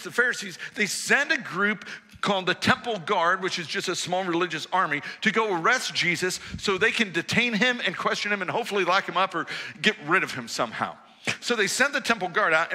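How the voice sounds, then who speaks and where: Male preacher, high and bright, animated storyteller, church hall echo. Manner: animated storytelling, acts out quoted voices. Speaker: pastor. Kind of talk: sermon. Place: church auditorium.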